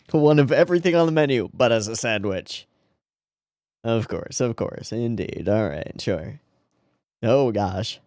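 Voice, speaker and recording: A laid-back man reacts in casual commentary, dropping short murmured interjections and wry asides. He talks at a very drawn-out, unhurried pace. His pitch swings up and down a lot, and the sound is dry and close. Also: expressive, darkish tone, dry recording. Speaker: anime reaction channel host.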